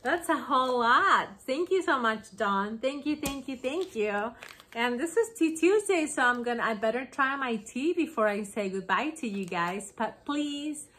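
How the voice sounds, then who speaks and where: A woman chatting excitedly on her home craft vlog, gushing over gifts she received. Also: sits high. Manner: gushing, excited, slow-paced. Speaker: craft vlogger. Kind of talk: casual vlog chat.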